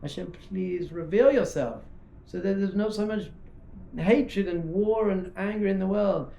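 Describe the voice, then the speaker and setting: Animated rabbi in an echoey hall. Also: male voice, sits high, measured pace, gravelly, lo-fi sound. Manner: animated, conversational, acts out little dialogues. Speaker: rabbi giving a talk. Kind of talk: informal teaching talk. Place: talk hall at a yeshiva. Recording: echoey room.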